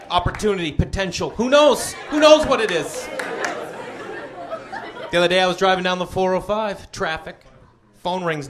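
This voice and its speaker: Male stand-up comic, high voice, lively storyteller, crowd noise behind. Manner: animated storytelling, acts out quoted voices. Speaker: stand-up comedian. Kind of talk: stand-up comedy routine.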